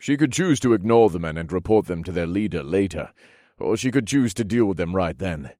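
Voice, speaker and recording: Male narrator, very deep voice, steady measured reading, dry close sound. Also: no room sound. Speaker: audiobook narrator. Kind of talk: scripted first-person narration.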